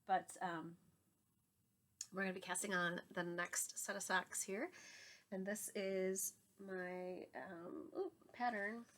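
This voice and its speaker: A woman's voice: medium pitch, steady tone, slow, fairly bright tone. A woman in her thirties with a cold, talking in a congested, nasal voice as she hosts her knitting podcast at home, chatty and laughing often. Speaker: knitting podcast host and yarn dyer. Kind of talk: casual chat to camera. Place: home room with yarn shelves behind.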